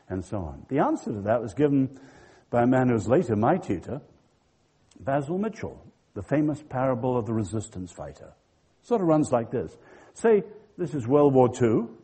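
An older man giving a sermon-style lecture, emphatic and full of stories, with a husky voice. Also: medium pitch, dark tone. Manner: emphatic, storytelling. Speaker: Christian speaker.

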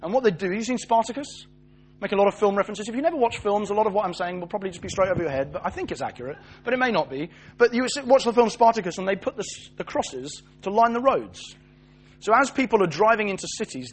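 A British man giving a lively sermon, jokey and animated, acting out voices as he tells the story. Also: sits high, fast, a little hiss or hum. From Britain. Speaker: preacher.

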